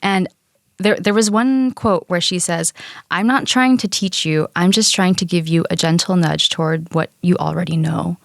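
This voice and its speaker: A woman's voice: fairly low pitch, moderate pace, vocal fry, no echo, studio quality. A young woman co-hosting a podcast in casual chat, earnest and gushing as she retells a story. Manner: earnest and gushing, tells stories with quotes. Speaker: podcast co-host.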